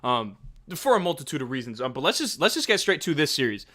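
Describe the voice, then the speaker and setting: A man's voice: medium pitch, very animated, fast, sharp tone. A man hosting a casual sports podcast, upbeat and chatty. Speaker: podcast host.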